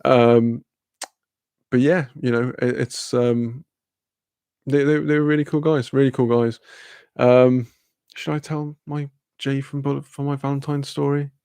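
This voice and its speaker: Young man, casual sweary storyteller, gravelly, dry close sound. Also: medium pitch, steady tone, a little slow, pauses often, darkish tone, dry recording. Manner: rambling, sweary, laughing, fillers. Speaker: streamer.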